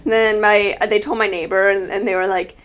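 A young woman co-hosting a casual podcast, telling stories in an animated, rambling way. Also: medium pitch, a little fast, slight background noise. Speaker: podcast co-host. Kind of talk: casual chat.

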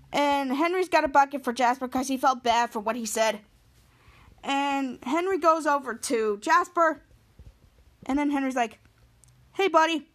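A woman's voice: high voice, a bit bright. A woman in her twenties, a podcast host, casually recapping a show in a rambling way with lots of restarts. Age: 20s. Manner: rambling, with many restarts and "he's like".

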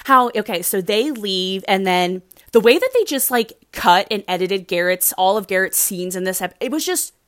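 A woman's voice: medium pitch, lively intonation, moderate pace, few pauses, a bit bright, dry recording, clean studio sound. A woman chatting casually as she recaps a reality show, rambling and gushing, with lots of "like" in her speech. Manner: gushing, rambling, heavy use of "like".

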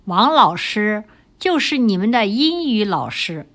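Older grandmother reading Chinese slowly. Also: mid-range voice, big pitch swings, a bit bright. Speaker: co-host, reads example sentences. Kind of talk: slow, clear example reading.

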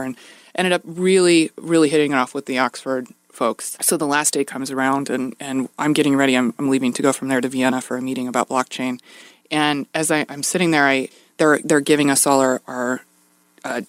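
A lively, dry-sounding woman storyteller. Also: very deep voice, no echo. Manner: lively, laughs often, quick bursts. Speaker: guest. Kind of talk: animated anecdote telling.

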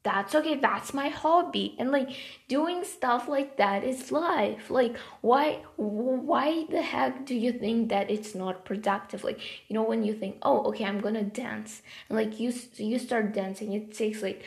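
A woman's voice: fairly high pitch, unhurried. A woman vlogging casually to her viewers, rambling with many filler words and talking with passion about her hobbies and life. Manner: rambling, heavy use of "like" fillers; passionate, then softer and quieter. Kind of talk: casual talk to camera.

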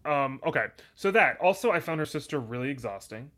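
A man's voice: on the high side, expressive, brisk, fairly bright tone. A man co-hosting a casual podcast chat in a campy, joking way. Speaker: podcast co-host.

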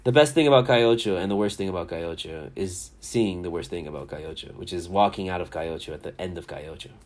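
Speaking low and rapid-fire, a man in his thirties from Miami hosts a relaxed sports podcast. He swears a lot and rambles from story to story as an animated storyteller.

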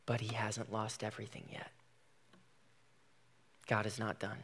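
A man's voice: lowish voice, monotone, unhurried, fairly bright tone, breathy edge. A man preaching a sermon, retelling a story with dramatic, emphatic delivery.

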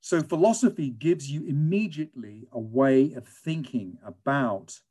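A British man, a teacher and guest, telling lively stories in a conversational interview. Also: medium pitch, unhurried. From England. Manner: animated storyteller, lively and emphatic.

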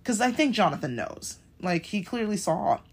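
A woman hosting a podcast, reviewing shows in a casual, animated chat and swearing freely. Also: mid-range voice, moderate pace, husky. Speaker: podcast host.

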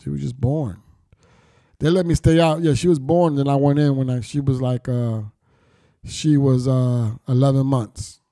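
A man's voice: mid-range voice, steady tone, moderate pace, warm tone, no echo, clean studio sound. Blunt, profane middle-aged man. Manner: blunt, profane street slang, reflective. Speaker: storyteller recounting his past. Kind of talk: candid personal storytelling.

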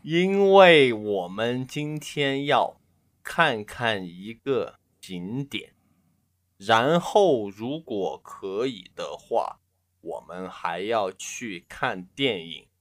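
A caring mother who is coaxing her son out of bed, read by a man. The voice sits low and moves slowly. The lines are read plainly, without putting on a voice. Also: lively intonation. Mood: cheerful. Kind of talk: reading a scripted practice dialogue.

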